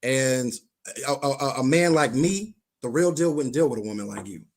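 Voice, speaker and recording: A man's voice: mid-range voice, normal speed. A man guesting on a live stream, arguing bluntly and insistently, repeating his points. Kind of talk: heated live-stream debate.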